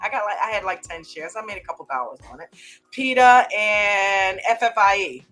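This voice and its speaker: A woman's voice: mid-range voice, animated, moderate pace, fairly bright tone, soft background music. An American woman hosting a live trading chat stream, playful and teasing, laughing often and greeting viewers by name. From United States.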